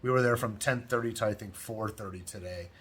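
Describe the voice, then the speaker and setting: A middle-aged man chatting casually as a travel vlogger in a hotel room, telling stories in a talkative way and growing loud as he retells a quarrel. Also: on the low side, a little fast, husky. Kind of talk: casual vlog chat.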